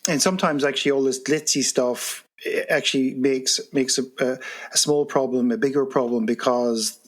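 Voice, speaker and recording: Halting male podcast host. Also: medium pitch, fairly even intonation. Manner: conversational, halting, searching for words. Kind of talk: podcast interview.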